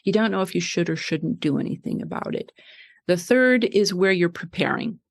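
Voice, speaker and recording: A middle-aged woman talks things through in a lower voice, animated and chatty, tagging her points with "right?". She explains the way a coach would in a relaxed conversation. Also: normal speed, creaky. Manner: animated, many "right?" tags and fillers. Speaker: guest, wellness coach.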